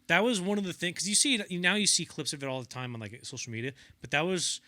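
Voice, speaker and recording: His voice sits on the high side and moves fast, captured in a dry recording. The young man co-hosts a film podcast, chatting loosely about movie history and voicing the quotes in his stories.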